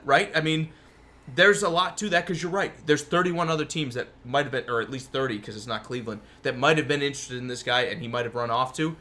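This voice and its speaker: A man co-hosting a sports talk show, giving opinions in a casual, animated way. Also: medium pitch, quick pace. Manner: opinionated, animated, talks in long runs. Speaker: podcast co-host.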